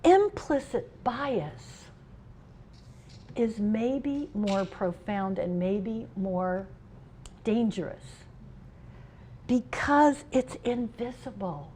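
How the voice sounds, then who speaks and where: Expressive middle-aged woman giving a keynote speech. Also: a little high, drawn-out words, pauses often, a little hiss or hum. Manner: expressive, humorous storyteller, shifting between loud and soft. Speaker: union president giving a keynote. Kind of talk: conference speech with personal stories. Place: conference hall.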